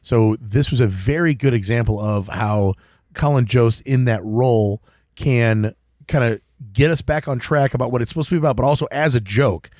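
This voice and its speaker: A man co-hosting a podcast in animated casual chat. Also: mid-range voice, moderate pace, no echo, clean studio sound. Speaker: podcast co-host.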